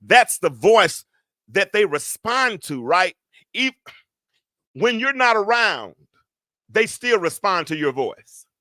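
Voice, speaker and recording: A man hosting a podcast, teaching from the Bible in a preacher's cadence, repeating phrases for emphasis and slowing down to read scripture. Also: high voice, sing-song, bright, forceful tone, no echo. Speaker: podcast host.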